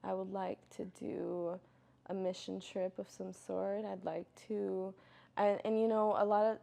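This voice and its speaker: Young woman answering viewer qs, rambly and honest, lotta "like", gets loud n animated telling stories. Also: medium pitch, vocal fry. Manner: candid, rambling, lots of "like" and "you know". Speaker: vlogger answering viewer questions. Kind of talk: casual Q&A chat.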